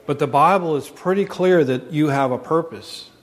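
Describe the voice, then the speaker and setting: A man's voice: a little high, normal speed. A man preaching a sermon as pastor, earnest, asking his congregation questions. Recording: long reverb.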